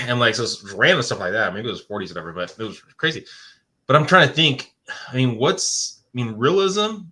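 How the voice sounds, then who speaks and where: A man co-hosting a podcast, talking casually with halting, rambling phrasing. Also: medium pitch, animated, pushed and bright. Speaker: podcast co-host, realtor. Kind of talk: casual chat.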